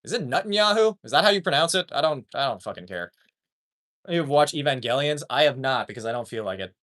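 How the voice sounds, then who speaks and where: A man's voice: medium pitch, animated, quick pace, a bit bright. A man streaming live, reading chat and ranting with heavy swearing. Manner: profane, ranting, reads chat aloud.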